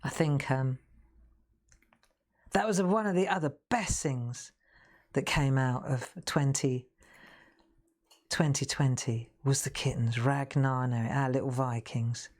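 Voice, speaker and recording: A woman's voice: a bass voice, a little slow, pauses often, a little mellow. A middle-aged woman, chatting casually and laughing often while demonstrating crafts on a live stream.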